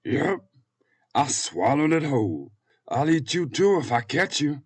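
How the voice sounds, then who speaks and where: A man's voice: fairly high pitch, very animated, slightly rough, no echo, voice pushed up, full character voice. A man voicing a greedy, gloating fat man who eats children in a bedtime tale. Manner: gloating, drawn-out threats.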